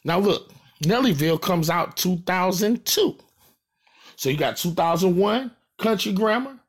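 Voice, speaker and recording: A man from St. Louis speaks in a casual, profane rant with a slightly raised pitch and a husky edge. His voice swings widely as he stresses and repeats his points. He has a St. Louis accent. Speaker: rapper. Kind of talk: casual direct-to-camera rant.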